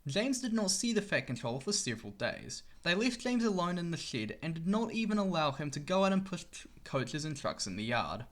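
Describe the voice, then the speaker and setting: A man reading a children's storybook aloud in an expressive way. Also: on the high side, brisk, hardly any pauses.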